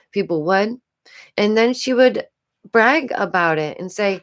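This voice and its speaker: A woman's voice: mid-range voice, a little slow, pauses often. A woman hosting a casual commentary vlog, exasperated and rambling, breaking into frequent laughs. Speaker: YouTube commentary host.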